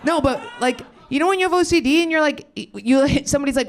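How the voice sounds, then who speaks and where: A woman's voice: high-pitched, lively intonation, fast, hardly any pauses. A woman performing a stand-up set in a club, rambling crudely and chatting with the audience, laughter behind her. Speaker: stand-up comedian. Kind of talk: stand-up set with crowd work. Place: comedy club stage, live audience. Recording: roomy live club sound from a distance, loud crowd and noise.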